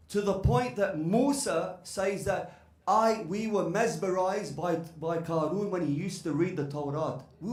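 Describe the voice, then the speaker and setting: Animated male preacher in an echoey hall. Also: high voice. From Australia. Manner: animated, lively storyteller with Arabic phrases. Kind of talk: sermon storytelling. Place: large hall.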